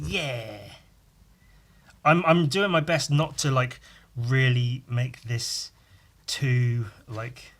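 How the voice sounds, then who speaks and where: A man's voice: mid-range voice, a bit bright. A man hosting a podcast, rambling casually with crude, self-mocking humour while he draws. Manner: talks while drawing. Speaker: podcast host.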